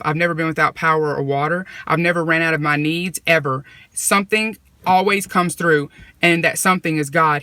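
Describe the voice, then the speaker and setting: Woman, bright and crisp, close dry sound, chatty faith testimony storyteller. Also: deep voice, dry recording. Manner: conversational, retelling dialogue with repeated "I said". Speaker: vlogger sharing a personal testimony.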